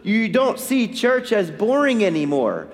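A man's voice: high-pitched, a little slow. A man preaching a sermon in a church, asking his listeners questions and answering them himself. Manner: animated, asks the congregation questions. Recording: hall reverb.

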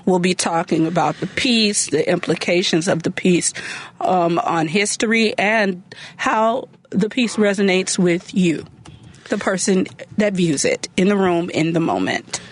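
A woman co-hosting a talk radio show, chatting and teasing with a quick wit. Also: fairly low pitch. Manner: laughing, quick-witted, teasing. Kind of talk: casual radio chat. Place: radio studio.

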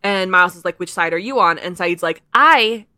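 A woman co-hosting a podcast, chatting casually and retelling scenes with quick laughs. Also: lowish voice, animated, sharp tone, no room sound. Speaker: podcast co-host recapping an episode. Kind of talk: casual chat.

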